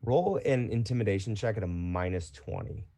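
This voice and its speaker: A man's voice: lowish voice, normal speed, no echo. A man running a tabletop game as game master, narrating casually and loosely. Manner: casual, relaxed narration with fillers.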